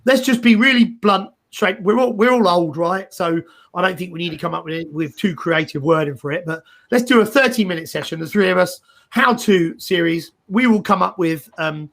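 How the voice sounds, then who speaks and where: A middle-aged man hosting a casual career advice chat over a video call, animated and rambling, often repeating his words. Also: high voice, normal speed, vocal fry. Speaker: host.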